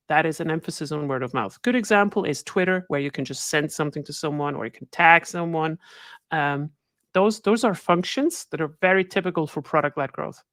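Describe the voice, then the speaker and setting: In a studio-quality recording without room sound, a low-voiced woman speaks as a webinar guest. Her presentation is conversational, and she repeatedly asks her listeners "right?"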